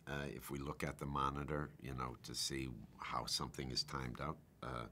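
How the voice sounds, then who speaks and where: A man's voice: a bass voice, steady tone, normal speed, bright, forceful tone, slight background noise. A male actor in an interview, explaining his work in a hesitant way with many fillers.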